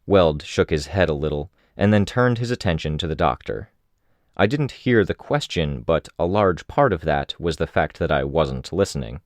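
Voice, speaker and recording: A man narrating an audiobook in a measured, steady way. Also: extremely low pitch, no echo.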